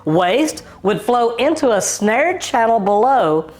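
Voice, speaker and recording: Lively, jokey female narrator. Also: a little high, slow pace. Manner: jokey and conversational, very lively intonation. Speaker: narrator of a plumbing education channel. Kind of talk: scripted narration with casual asides.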